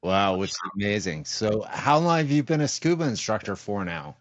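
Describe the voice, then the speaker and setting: A middle-aged man hosting a podcast, asking questions in a halting way and repeating words as he goes. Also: lowish voice, sing-song, dry recording. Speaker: podcast host. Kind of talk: interview questions. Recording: dry, dull lo-fi sound.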